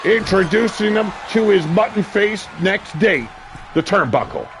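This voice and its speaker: A man calling a wrestling match play-by-play, brash and crude, with sudden shouted bursts of excitement. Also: high voice, a little slow, background noise. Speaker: wrestling commentator. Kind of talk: play-by-play commentary. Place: seated at a ringside commentary table.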